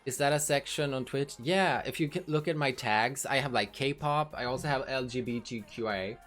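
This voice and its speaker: A woman's voice: very deep voice, moderate pace, faint music behind. Frank, swearing woman streamer chatting. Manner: frank, swears freely, talks to chat. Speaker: livestreamer. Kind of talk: casual livestream chat.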